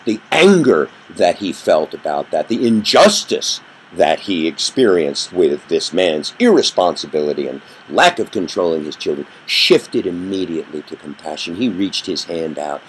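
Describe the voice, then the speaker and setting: A man teaching a communication workshop, telling a story with an animated delivery that rises and drops for effect. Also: deep voice, unhurried, a little hiss or hum, low-quality recording. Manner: animated storyteller, rising and dropping his voice for effect. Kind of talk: storytelling lesson.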